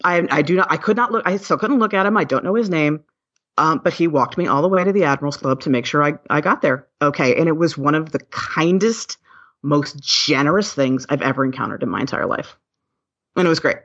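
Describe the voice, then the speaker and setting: A woman's voice: low voice, expressive, fairly quick, a bit bright, slightly rough. Earnest woman guest on a podcast, lots of restarts, kinda muffled dull audio. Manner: candid, earnest, emphatic with many restarts. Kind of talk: casual interview chat.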